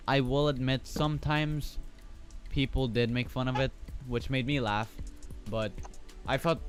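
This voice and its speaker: A man from the Philippines, a streamer, chatting casually and telling a story in a rambling way full of fillers. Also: mid-range voice. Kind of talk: casual chat.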